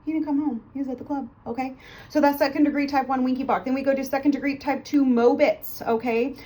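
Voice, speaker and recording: A woman teaching nursing students, telling a playful story quickly and stopping to check in with "okay?" after almost every point. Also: high-pitched, steady tone, dark tone. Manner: fast, chatty, playful, keeps checking with "okay?". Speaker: nursing tutor.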